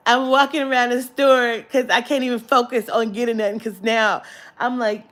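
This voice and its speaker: A woman's voice: fairly high pitch, moderate pace. Brief: woman vlogger, storytime, swearing freely, exasperated, phone-camera sound. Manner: animated, profane, exasperated storytelling. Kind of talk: storytime vlog. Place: shopping area.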